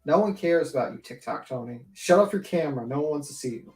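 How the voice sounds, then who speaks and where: A woman's voice: sits low, animated, fast, darkish tone. A woman panelist on a livestream, chatting casually and ranting bluntly with plenty of swearing. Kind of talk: casual chat. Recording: echoey room.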